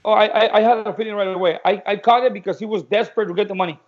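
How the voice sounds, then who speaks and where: Male guest, high-pitched, animated storyteller; lo-fi, muffled recording. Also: racing. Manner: animated storyteller acting out dialogue. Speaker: guest telling boxing stories. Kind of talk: casual storytelling.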